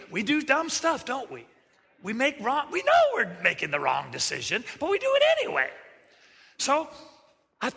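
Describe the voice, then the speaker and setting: Pastor, male, bright high voice, animated sermon delivery, big echoing hall. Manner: animated, acts out quoted voices, jokey asides. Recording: reverberant hall sound.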